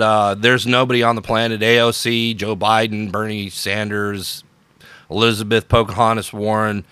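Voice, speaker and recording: Opinionated man with a bright, dry voice. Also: fairly low pitch, clear, resonant tone, dry recording. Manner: opinionated, sarcastic, emphatic repetitions. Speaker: podcast host. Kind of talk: unscripted political commentary.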